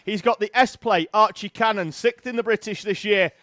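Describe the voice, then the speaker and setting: A man giving brisk live play-by-play commentary on a karting race, reeling off names and grid positions. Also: high-pitched, sharp tone, no room sound, clean studio sound.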